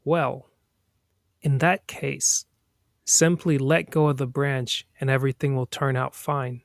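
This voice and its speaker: A man voicing a calm, powerful divine voice speaking from the sky, measured and unhurried. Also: medium pitch, creaky, dry recording, clean studio sound.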